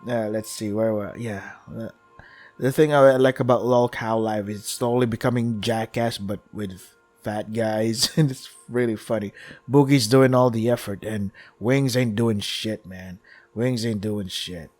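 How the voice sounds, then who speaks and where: A young man reading a visual novel aloud and ranting at it, profane and exasperated, with sudden loud outbursts. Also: lowish voice, steady tone, unhurried, soft background music. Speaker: let's play streamer.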